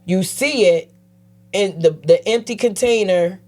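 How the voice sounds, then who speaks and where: Animated woman telling her story. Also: unhurried. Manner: animated, acts out quoted voices; turns quiet and low when serious. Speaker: guest, advocate. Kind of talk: casual storytelling interview.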